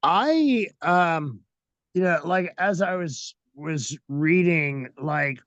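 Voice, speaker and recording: A man's voice: a little high, lively intonation, drawn-out words, a bit bright, no echo, lo-fi sound. A man co-hosting a podcast who speaks hesitantly, with fillers, searching for his words. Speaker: podcast co-host.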